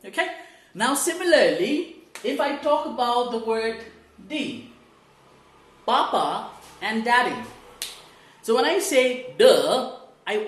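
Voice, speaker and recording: A woman's voice: fairly high pitch, echoey room. A woman training learners in English pronunciation, explaining step by step, asking rhetorical questions and modeling sounds aloud for them to repeat. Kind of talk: online teaching lesson.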